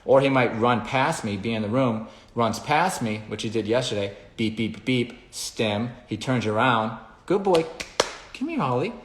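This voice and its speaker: A man's voice: mid-range voice, unhurried, hardly any pauses, reverberant, a little hiss or hum. A man who trains dogs, explaining his methods in a rambling, conversational way and acting out little scenes with the dogs. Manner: rambling, conversational, acts out dog scenarios. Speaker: dog trainer. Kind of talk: casual explanatory talk.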